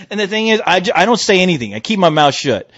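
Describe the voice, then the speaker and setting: A man's voice: sits high, a little fast, dry recording. Guy on a podcast swearing his way through a story, voice jumps all over, kinda dull dry sound. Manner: profane, animated, acts out quoted voices. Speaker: podcast host. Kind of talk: casual storytelling chat.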